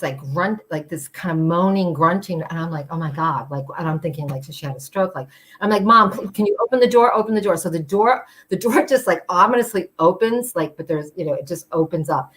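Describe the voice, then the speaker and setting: A woman's voice: on the low side, sharp tone. Chatty woman telling a story. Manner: chatty, filler-heavy, acts out quoted voices. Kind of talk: live storytelling.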